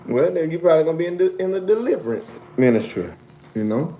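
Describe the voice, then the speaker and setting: Guy doing a chill live stream, mellow voice, laughs a lot, goes way up high when he can't believe what chat says, faint hum behind. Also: fast. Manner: animated, jumps to a high incredulous pitch when teasing; laughs often, loose slangy talk. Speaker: livestream host reading viewer comments.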